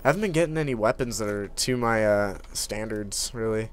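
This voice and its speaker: A man's voice: fairly low pitch, fairly quick. A man chatting easily while playing a co-op video game, with frequent uh's and hedges. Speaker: gameplay co-commentator. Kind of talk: casual co-op game commentary.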